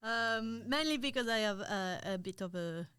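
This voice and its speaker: A young woman with a French accent talks casually as a podcast guest. Her voice is smooth and the sound is dry and close. She hesitates often and laughs easily. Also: on the high side, animated, moderate pace, fairly bright tone, dry recording. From France.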